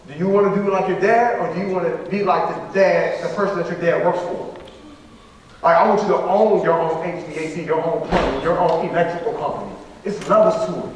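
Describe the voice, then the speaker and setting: A man's voice: high voice, a little hiss or hum. A male motivational speaker addressing a school assembly, talking with a preacher-like cadence and emphatic repetition. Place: school gymnasium or auditorium. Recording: echoey hall, distant room mic.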